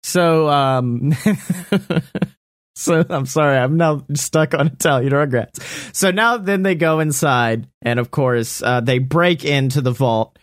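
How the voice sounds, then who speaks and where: A man casually making up a story out loud, rambling, laughing and swearing often. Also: a little high, slow, no echo, studio quality. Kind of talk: casual improvised story brainstorming.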